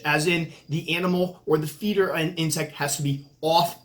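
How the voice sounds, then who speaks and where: A man's voice: on the high side, fairly even intonation, normal speed, few pauses. Joking New England man talking to camera. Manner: joking, self-mocking trash talk. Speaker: tarantula keeper and channel host. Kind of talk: casual vlog talk to camera, mock fight interview.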